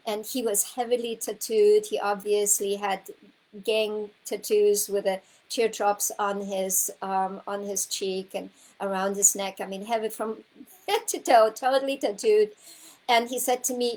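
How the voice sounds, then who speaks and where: A woman's voice: mid-range voice, little pitch movement, a little slow, a little mellow, poor audio. A woman horsemanship coach telling a personal story to her students in a rambling, heartfelt way, full of restarts and repeated words. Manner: rambling, heartfelt, with self-corrections; gets emotional, close to tears.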